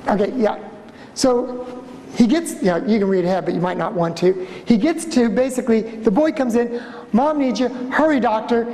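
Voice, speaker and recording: Lively man lecturing in a reverberant hall. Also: sits high, normal speed, a little hiss or hum. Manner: animated storyteller who acts out quoted voices. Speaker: museum director giving a lecture. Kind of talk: storytelling conference lecture. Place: conference hall.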